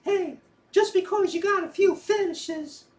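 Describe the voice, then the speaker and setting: A woman plays a blunt, teasing friend in an audio drama, someone who hides a soft side. Her voice is very high, and she delivers her jabs plainly, with no fuss. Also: measured pace.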